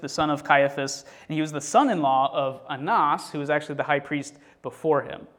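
With a fairly high-pitched voice, this man gives an expressive scripture reading before moving into loose, unscripted teaching full of fillers and false starts.

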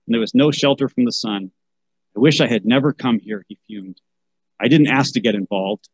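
A man's voice: medium pitch, dry recording, low-quality recording. A man reading a children's Bible story aloud, breaking off for wry asides and a rant about how such books should be chosen. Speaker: podcast host.

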